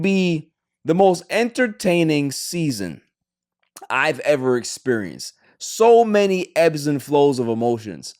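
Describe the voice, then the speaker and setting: A man's voice: fairly high pitch, very animated, slow, darkish tone. A man hosting a sports podcast, talking casually and rambling, with frequent restarts and fillers. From Queens, New York.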